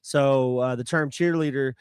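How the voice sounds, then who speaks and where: A man's voice: mid-range voice, steady tone, a little slow, smooth, dry recording, studio quality. A man co-hosting a podcast who shares trivia in a loose, offhand way, full of fillers. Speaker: podcast co-host. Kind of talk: casual chat.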